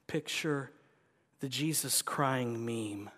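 A man preaching a sermon, his voice swelling to loud pleading and dropping to hushed whispers. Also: medium pitch, fairly even intonation, slow. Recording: long hall reverb.

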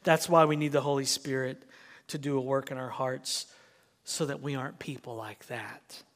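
A man's voice: mid-range voice, steady tone, moderate pace, long reverb tail. A man preaching a sermon as pastor, emphatic and full of rhetorical questions, in a church sanctuary.

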